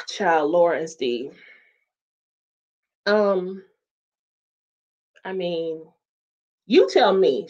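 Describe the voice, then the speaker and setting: Woman host, lively pitch, unhurried, muffled lo-fi sound. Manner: animated, chatty, talks straight to viewers with "y'all" and "child". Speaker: host of a sitcom talk show. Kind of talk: casual livestream chat with viewers.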